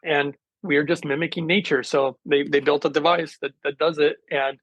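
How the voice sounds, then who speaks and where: A man's voice: on the high side, steady tone, moderate pace, a bit bright, no echo, lo-fi sound. A man speaking as a guest in a casual interview, earnest and rambling, with many fillers. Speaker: guest, hydrogen therapy specialist.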